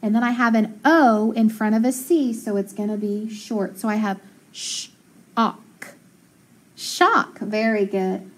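A woman teacher breaking words into syllables for young children and sounding each part out before praising them. Her voice sits a little high. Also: fairly even intonation, normal speed, slight background noise, rough recording. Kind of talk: phonics lesson for young children.

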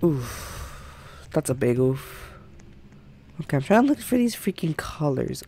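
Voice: medium pitch, measured pace, slight background noise. A gaming channel host giving live gameplay commentary in a jumpy, panicky way, exclaiming often.

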